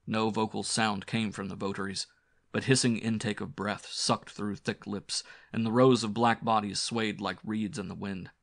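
A male narrator reading pulp horror aloud, building dread with dramatic intensity. His voice sits low and full. The recording is close and dry, with no room sound. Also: flat delivery, normal speed, vocal fry, no echo. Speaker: audiobook narrator.

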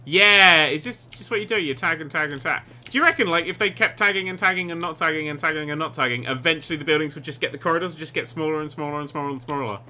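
A man commentating over a video game he is playing, excitable and sarcastic, swearing often. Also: a little high, fast, few pauses, slight background noise. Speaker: gaming commentator. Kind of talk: let's play commentary.

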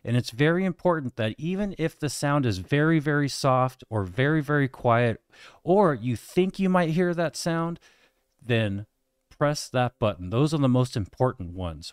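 A man's voice: medium pitch, clear, resonant tone, no echo, studio quality. A middle-aged man hosting an explainer video, teaching in plain, friendly layman's terms. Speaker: host explaining hearing tests.

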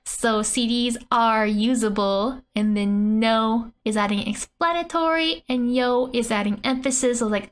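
A woman's voice: fairly high pitch, unhurried, few pauses. Giggly woman teaching Japanese. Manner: giggles often between explanations; chatty and playful. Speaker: online Japanese tutor. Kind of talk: casual language lesson walking through manga panels.

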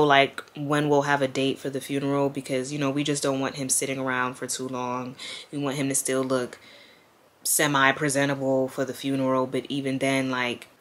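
Young woman vlogger from Queens with a New York accent, grieving, casual and profane, deep voice with a bright edge. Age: 20s. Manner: grieving, candid, slangy and profane. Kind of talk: casual talk to camera. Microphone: camera mic.

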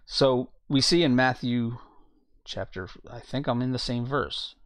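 A man giving an informal Bible teaching, reading scripture passages aloud and pausing to look up verses as he goes. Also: mid-range voice, no room sound. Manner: reads scripture aloud, searching for verses mid-talk.

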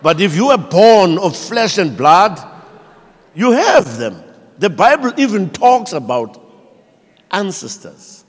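High, husky and slow, a South African preacher acts out the characters of his sermon's stories with lively energy. A spacious church hall lends a long reverb.

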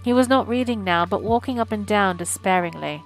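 A woman narrating a classic story aloud, measured and expressive, at a mid pitch. Soft music plays faintly underneath her reading. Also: poor audio. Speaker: audiobook streamer. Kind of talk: scripted narration.

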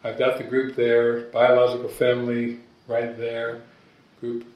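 A man's voice: mid-range voice, monotone, unhurried, lo-fi sound. A man, a spiritual teacher, telling stories to a gathering and often laughing at his own jokes. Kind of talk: talk to a gathering. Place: meeting hall at a gathering. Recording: very echoey room, voice from far off.

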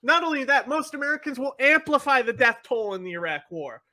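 A man's voice: extremely high pitch, lively intonation, a little fast, bright, forceful tone. A man co-hosting a casual podcast chat, blunt and profane, mocking and interrupting others. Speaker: podcast co-host.

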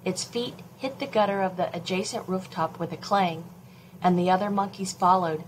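A woman librarian reading a chapter of a children's novel aloud in a slow, expressive storytelling voice. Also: lowish voice, slight background noise, low-quality recording.

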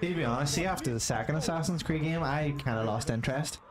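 Man, young, somewhat high voice, laughs a lot, swears freely, casual game commentary. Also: fast, a crowd in the background. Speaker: co-host of a gaming channel. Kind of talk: casual let's-play commentary.

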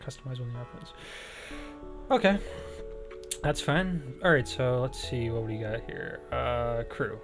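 A man's voice: mid-range voice, lively intonation, measured pace, pauses often. A man giving casual let's play commentary, thinking aloud with many fillers and self-deprecating jokes. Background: faint game music.

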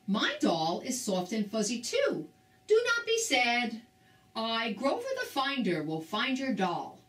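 A woman voicing a small furry male monster who is helpful and proud of himself, high and boastful, in a storybook reading. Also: wildly swooping pitch, slow pace, a bit bright, exaggerated voice. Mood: eager. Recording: roomy, distant mic.

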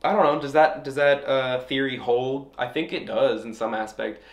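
A man's voice: medium pitch, steady tone, moderate pace. A young man talking casually to camera as a travel vlogger, chatty and playful, often laughing.

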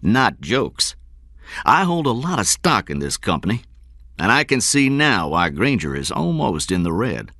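Man doing a older southern businessman, thick southern accent, gruff, drawling, raised pitch, dry close recording. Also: very animated, unhurried, pushed and bright, dry recording, full character voice. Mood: blunt. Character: older male Southern stockholder, blunt.

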